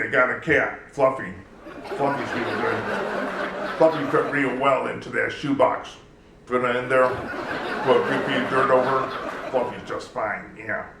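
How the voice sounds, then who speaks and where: A man putting on a raspy, middle-aged chain smoker who sighs and groans with pleasure. He keeps a flat, deadpan delivery. The sound is distant and echoing in a busy live room. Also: mid-range voice. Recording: roomy live venue, distant mic, noisy.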